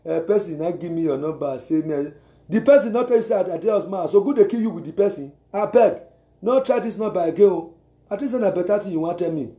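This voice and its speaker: A man's voice: sits high, expressive, quick pace, warm tone, roomy sound. A man voicing a brusque, authoritative married woman who answers the phone with a Nigerian accent. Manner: brusque, scolding.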